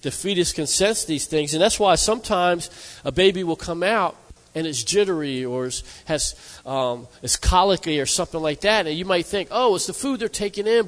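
Emphatic preacher man in a reverberant hall. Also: on the high side. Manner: emphatic, asks the congregation "amen?". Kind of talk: sermon.

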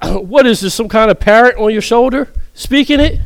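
A man's voice: very high-pitched, sing-song, a little slow, no echo. A man preaching a sermon in a humorous, conversational way, often laughing.

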